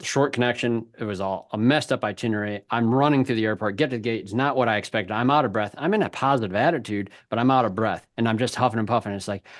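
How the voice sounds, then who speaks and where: A man hosts a webinar as a casual conversation, telling stories and laughing often. His voice is medium-pitched and fast.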